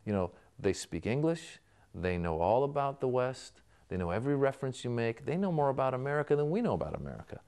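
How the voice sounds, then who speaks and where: A man's voice: mid-range voice, big pitch swings, fast talker, darkish tone, clean tone. A man being interviewed as a comedian, answering in a storytelling way and acting out remembered exchanges. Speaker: comedian guest.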